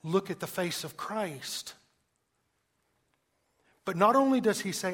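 A man preaching a sermon, emphatic and questioning the listeners, swinging between loud stresses and hushed lines. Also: sits high, expressive, a little slow, pauses often, breathy edge. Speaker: pastor.

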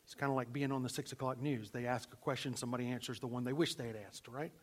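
A male pastor preaching a sermon, swinging from loud emphasis to hushed, near-whispered lines. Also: mid-range voice, fairly even intonation, quick pace.

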